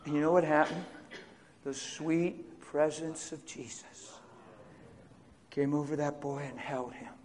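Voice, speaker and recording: Animated preacher man, slightly high voice. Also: slow pace, long pauses. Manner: swings from loud excited bursts to hushed tones; laughs as he talks. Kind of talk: storytelling sermon.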